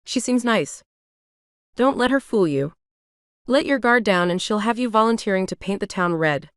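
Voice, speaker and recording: A woman's voice: mid-range voice, lively intonation, moderate pace, smooth, no room sound, clean studio sound, natural voice. Woman voicing a teasing young college guy. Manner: teasing, affectionate.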